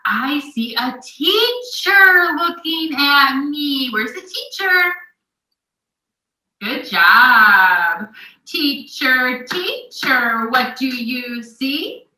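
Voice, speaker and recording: A high, very bright woman's voice reads to a toddler in an animated sing-song, slow and deliberate, cheering the child on and making playful animal noises. She sits back from the mic in an echoey room. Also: distant mic. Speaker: adult reading a picture book aloud to a young child.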